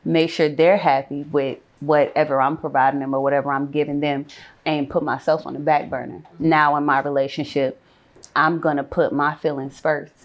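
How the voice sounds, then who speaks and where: Low-voiced woman, calm storyteller. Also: moderate pace, dull audio. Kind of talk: casual group chat.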